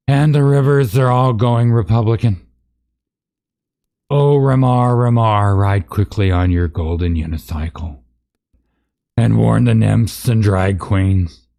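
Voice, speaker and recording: A man's voice: fairly low pitch, slow, creaky, pauses often, mellow, voice pushed up. A man voicing a grand, mournful elf queen in a sing-song, mock-solemn lament.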